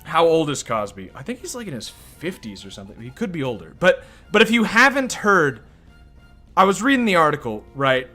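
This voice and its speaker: A young man rambles through casual game commentary, incredulous and given to swearing. His voice sits high and bright, swinging widely in pitch, with faint music playing under him. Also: big pitch swings, fairly quick. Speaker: let's play host.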